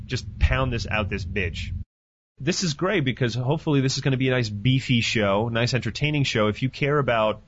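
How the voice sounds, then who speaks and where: A man hosting a podcast in casual chat, animated and profane, joking as he talks. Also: mid-range voice. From Canada. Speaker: podcast host. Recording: dull lo-fi dry sound.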